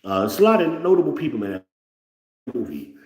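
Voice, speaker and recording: A man giving blunt, profane relationship advice in an animated, lecturing monologue. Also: mid-range voice, fairly quick, reverberant. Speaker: online commentator.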